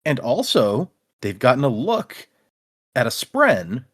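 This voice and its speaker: Male podcast co-host, lively pitch, playful character voices, casual recap chat. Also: slow. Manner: animated, acts out characters' lines. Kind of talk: casual book-discussion chat.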